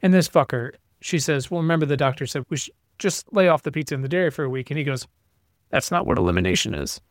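A man's voice: a little high, fast, no echo, clean studio sound. A middle-aged man co-hosting a casual chat, telling a profane, ranting story about his kids. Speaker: podcast co-host.

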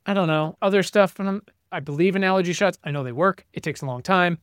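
A man's voice: high-pitched, fast, clear, resonant tone, no echo, studio quality. A middle-aged man co-hosting a casual chat, telling a profane, ranting story about his kids. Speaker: podcast co-host.

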